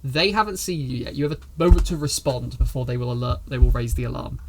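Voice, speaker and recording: A man's voice: mid-range voice, fast, a little hiss or hum. A man narrating a tabletop game as game master, chatty with frequent restarts. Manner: chatty, many fillers and restarts.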